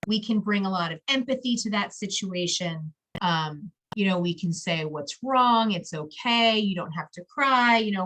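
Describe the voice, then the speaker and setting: A woman's voice: on the low side, poor audio. A woman school counselor giving a conversational talk to parents, often checking in with "right?" and acting out what a child or parent might say. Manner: acts out a child's and a parent's words. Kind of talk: presentation to parents.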